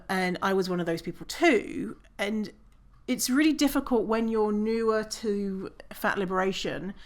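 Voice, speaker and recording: A woman hosting her own podcast, talking casually on her own, swearing and laughing at herself. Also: lowish voice. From British Columbia, Canada. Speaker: podcast host. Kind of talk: casual solo podcast talk.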